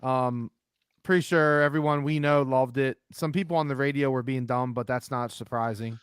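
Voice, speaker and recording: A man's voice: mid-range voice, fairly even intonation, normal speed, smooth, no room sound, studio quality. A man co-hosting a sports podcast, chatting casually, laughing and swearing freely. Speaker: podcast co-host.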